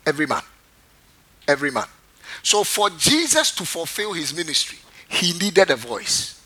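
A man's voice: a little high, big pitch swings, moderate pace, bright, forceful tone, slightly rough. A man preaching a sermon as pastor, quizzing his congregation and repeating phrases for emphasis. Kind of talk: sermon with call-and-response.

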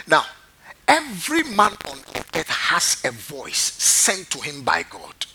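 A man's voice: on the high side, huge pitch swings, takes it slowly, bright, forceful tone, husky. A man preaching a sermon as pastor, quizzing his congregation and repeating phrases for emphasis. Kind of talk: sermon with call-and-response.

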